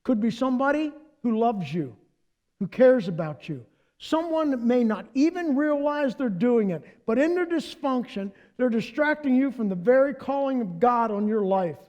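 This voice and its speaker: A man preaching a sermon as pastor, animated and playful, talking directly to the congregation. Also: very high voice, normal speed, highs cut off.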